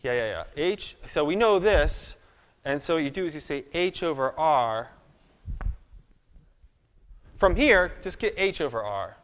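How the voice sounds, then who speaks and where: A man lectures on math in a casual, self-deprecating way, talking through each step aloud. His voice sits a little high. The sound carries the long reverb of a lecture hall. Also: very animated, a little slow, long pauses, fairly bright tone. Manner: chatty, self-deprecating, thinks aloud at the board. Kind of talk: live classroom lecture.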